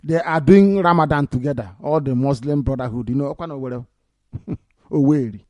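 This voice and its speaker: Speaking fast in a mid-range, slightly mellow voice with no room sound, a male radio broadcaster with a Nigerian Igbo accent ridicules the news. He laughs a lot, turns sarcastic and then indignant, and blends Igbo with English.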